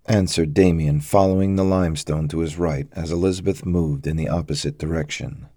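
An audiobook narrator with a deep, dark male voice reads scripted narration at a moderate pace, barely pausing. The recording is dry and studio-clean.

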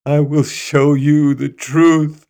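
A man voicing a desperate aging art restorer who speaks slowly and theatrically. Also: fairly low pitch, warm tone, voice pushed up. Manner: theatrical, slow and declaiming.

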